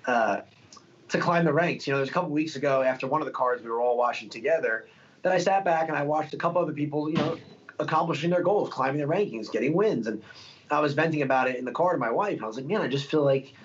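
A young man, a fighter, talking casually in an interview, rambling through stories with lots of fillers. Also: a little high. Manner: fast, rambling storytelling with many fillers. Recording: dull lo-fi sound.

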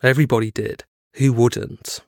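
A man's voice: mid-range voice, fairly even intonation, normal speed, darkish tone, no echo, clean studio sound. A man co-hosting a podcast, reading a prepared true-crime script and breaking off for casual chat. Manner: reads prepared script, then chats with hedging fillers. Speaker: podcast co-host.

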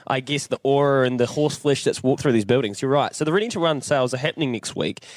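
A man's voice: medium pitch, quick pace, no echo. Chatty New Zealand man, dry sound. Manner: upbeat, chatty, hedging with fillers. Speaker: podcast host. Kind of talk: casual chat. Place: on site at a bloodstock sales venue.

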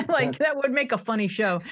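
A woman in her sixties from upstate New York, chatting as a podcast guest, self-deprecating and laughing often. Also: on the high side. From United States (suburban Buffalo, New York). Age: 60s. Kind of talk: casual interview chat.

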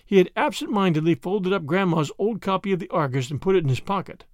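Animated male storybook narrator. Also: high voice, fast, dry recording, clean studio sound. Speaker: audiobook narrator.

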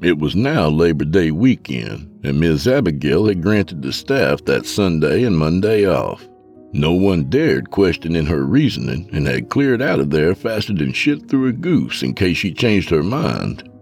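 A man narrating a first-person story in an expressive, dramatic reading. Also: deep voice, measured pace, few pauses, faint music behind.

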